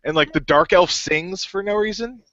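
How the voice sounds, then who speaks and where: A man's voice: high-pitched, normal speed, bright, forceful tone, dry recording, muffled recording. A man co-hosting a podcast in casual chat, rambling with lots of fillers. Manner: rambling, filler-heavy, full of "like". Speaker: podcast co-host.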